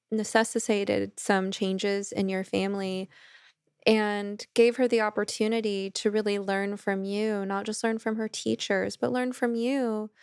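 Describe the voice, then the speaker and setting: A woman, a therapist who hosts a podcast, reflecting on a guest's story in a measured, affirming way. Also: mid-range voice, gravelly, clear, resonant tone, dry recording, clean studio sound. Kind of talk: reflective interview commentary.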